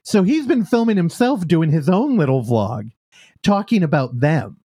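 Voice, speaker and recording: A man's voice: on the high side, sing-song, normal speed, warm tone, breathy edge. A man co-hosting a podcast, recapping a show in a casual, profane way and acting out the characters' lines. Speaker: podcast co-host.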